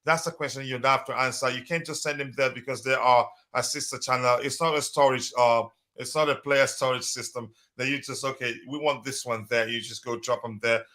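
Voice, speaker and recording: A man's voice: medium pitch, fairly even intonation, fairly quick, few pauses, pushed and bright. A man hosting a casual live stream, talking loosely with many fillers and restarts. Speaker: podcast host.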